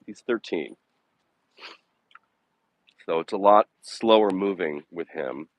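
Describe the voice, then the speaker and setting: A man's voice: low-pitched, slow, no echo, dull audio. A man live-streaming while walking his dogs outdoors, talking casually and bluntly, with sarcasm and frequent swearing. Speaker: vlogger live-streaming a dog walk. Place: outdoors on a city walking path.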